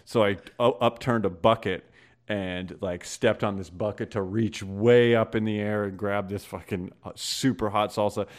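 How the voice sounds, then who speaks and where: A man co-hosting a podcast, telling stories in an animated, profane, casual way. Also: fairly low pitch, moderate pace. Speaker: podcast co-host. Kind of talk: casual chat.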